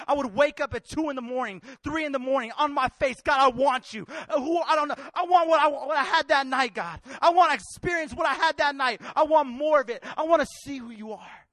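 A man from California telling his conversion story as a sermon, slangy and casual at first, then rising into loud, fervent preaching. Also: extremely high pitch, dry recording. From California, USA. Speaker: preacher giving his testimony. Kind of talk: sermon testimony.

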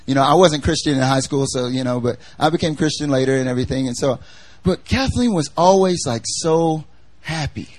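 Young guy preaching super casual, lots of likes and you knows, joking around, kinda high voice. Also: fairly quick, darkish tone. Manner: chatty, filler-heavy, jokey storytelling. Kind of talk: casual sermon.

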